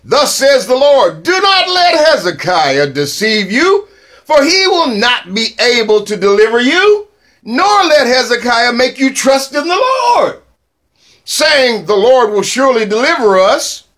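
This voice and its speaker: A boastful enemy envoy hollers threats in slow, drawn-out phrases, as a preacher puts him on. His pitch leaps around as he taunts. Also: lively intonation, bright, forceful tone, exaggerated voice. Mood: proclaiming.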